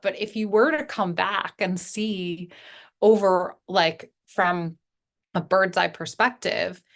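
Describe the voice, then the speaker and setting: A woman in a casual spiritual podcast chat, speaking reflectively and haltingly, pausing mid-thought. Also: mid-range voice.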